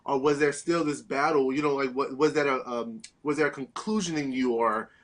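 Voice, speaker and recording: Male moderator, bright tense tone, reflective, halting delivery. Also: mid-range voice, fairly even intonation. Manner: thoughtful, searching questions with many pauses. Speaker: panel moderator. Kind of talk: moderating a faith panel discussion.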